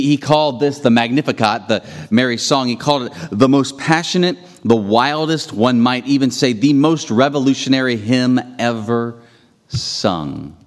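A male pastor preaching a sermon, telling stories with restarts and emphatic rising peaks. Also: medium pitch. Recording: hall reverb.

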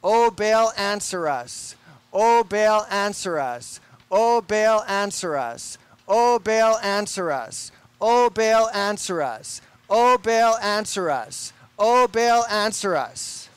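A man's voice: sits high, animated, slow pace, clear, resonant tone, no room sound. A man voicing a group of male pagan prophets in a repetitive, pleading chant.

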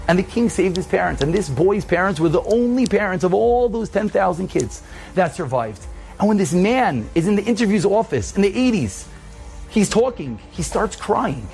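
A man telling a dramatic story as a sermon, in an animated storytelling manner. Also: a little high, gravelly, poor audio.

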